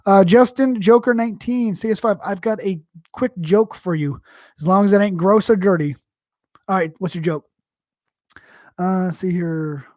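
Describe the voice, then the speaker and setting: A man's voice: high voice, moderate pace, darkish tone, no echo, clean studio sound. A man from New York hosting a live stream, chatting casually and answering chat in a rambling, profane, slangy way. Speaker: livestream host.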